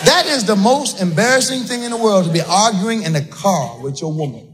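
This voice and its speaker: A man doing a stand-up comedy set, exasperated, shouting his punchlines and laughing through them. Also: sits high, expressive, fairly quick. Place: comedy club stage. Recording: live club audio with crowd noise. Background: audience laughter.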